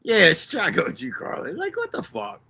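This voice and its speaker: A man's voice: sits high, huge pitch swings, a little fast, creaky, bright, forceful tone, slightly rough. A man hosting a live stream, ranting casually, swearing constantly and reading out names from the chat.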